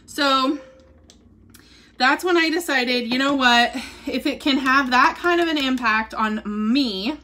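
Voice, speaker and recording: A woman's voice: high-pitched, slow, pushed and bright. A middle-aged woman chatting casually on a livestream, rambling through stories and laughing often as she digresses. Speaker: vlogger selling wellness drinks.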